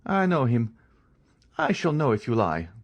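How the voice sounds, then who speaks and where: A man's voice: mid-range voice, sing-song, measured pace, pitched above the performer's own voice. A man reading the part of a stern, commanding count disguised as a priest, questioning in an audiobook. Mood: probing. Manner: commanding, interrogating.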